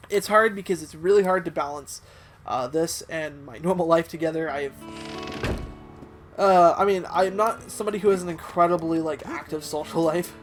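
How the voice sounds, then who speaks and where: A man with a high voice chats through a let's play, halting and self-deprecating and full of ums and likes. Game music plays clearly under his talk. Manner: hesitant, filler-heavy and self-deprecating.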